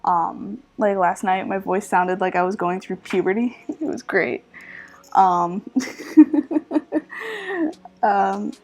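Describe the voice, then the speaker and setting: A woman chatting casually with viewers while drawing on a live stream, her voice a little scratchy and groggy, relaxed and laughing often as she focuses on her work. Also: mid-range voice, slow pace, long pauses. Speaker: art streamer.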